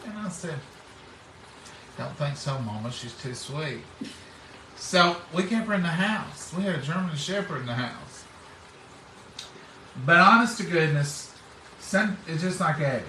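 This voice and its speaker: A man's voice: a little high, measured pace, long pauses, bright, forceful tone, a little hiss or hum. A middle-aged man, telling homespun stories in casual chat and acting out what people said. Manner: folksy, acts out quoted speech. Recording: roomy, distant mic.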